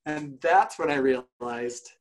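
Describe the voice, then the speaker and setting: A man's voice: medium pitch, slow. A man co-hosting a podcast, telling a story about himself in casual chat and laughing often. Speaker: podcast co-host.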